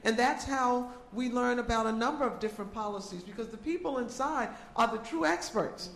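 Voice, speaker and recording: A woman's voice: a little high, brisk, slight background noise. A woman organizer addressing a community meeting, speaking conversationally and checking in with the audience. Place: meeting room. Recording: echoey meeting room.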